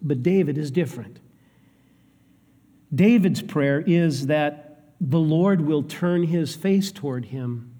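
A male pastor preaches with a deliberate, unhurried pace, dropping to hushed lows and then rising for emphasis. His voice sits a bit high for a man. The sound carries a long reverb tail from a large sanctuary. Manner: dramatic swings between hushed and raised delivery. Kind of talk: sermon.

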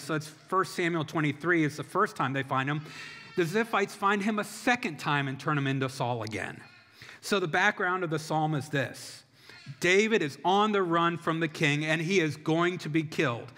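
A man's voice: a little high, normal speed, sharp tone. A middle-aged man preaching a sermon, telling the story in a conversational way with touches of humor. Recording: long reverb of a large hall.

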